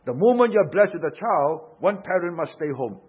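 A man delivers a sermon, pressing his points with rhetorical questions and bursts of force. His voice sits slightly high and husky. The recording sounds dull and lo-fi. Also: expressive, normal speed. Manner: emphatic, rhetorical questions, rising and falling force. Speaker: pastor.

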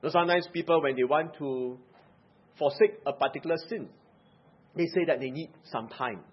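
A man preaching a sermon, pressing hard on key words and dropping into quiet asides. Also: a little high, normal speed, slightly rough. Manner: emphatic, swings between loud stresses and quiet asides. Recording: dull lo-fi recording.

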